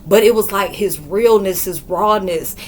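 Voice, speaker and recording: A woman in her forties giving a rambling, slangy spiritual monologue and acting out quoted dialogue in a lively way. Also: mid-range voice, measured pace, slight background noise. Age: 40s. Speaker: spiritual podcaster and reader.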